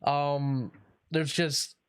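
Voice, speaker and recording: A man hosting an online radio talk show, interviewing a guest in a relaxed, joking way with many fillers. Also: a little high, drawn-out words, clear, resonant tone, dry recording, clean studio sound. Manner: joking, laid-back, lots of fillers. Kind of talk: casual interview chat.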